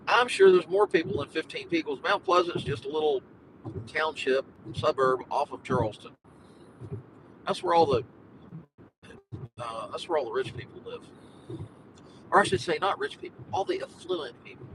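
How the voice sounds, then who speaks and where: A man's voice: very animated, normal speed, long pauses. Rambling, jokey man driving home. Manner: jokey, meandering, sings and makes animal noises. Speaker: podcast host and photographer livestreaming. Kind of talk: rambling casual live stream while driving. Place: car in traffic. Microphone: phone in car. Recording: faint road noise in car. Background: engine rumble.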